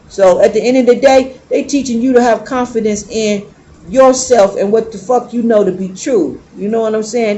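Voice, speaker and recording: A woman's voice: a little high, dark tone. A woman tarot reader talking bluntly and emphatically in a casual, heavily profane monologue.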